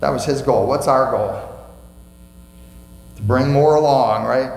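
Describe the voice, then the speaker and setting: A man's voice: mid-range voice, a little slow, gravelly, darkish tone. A man preaching a sermon as pastor, emphatic, asking the congregation questions and repeating key phrases. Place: church sanctuary. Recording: echoey church hall with faint mains hum.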